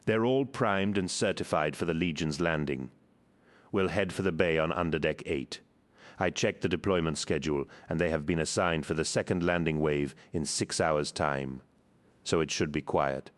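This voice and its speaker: A man's voice: rumbling low, normal speed. A man voicing a blunt adult male soldier, terse and urgent. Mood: curt.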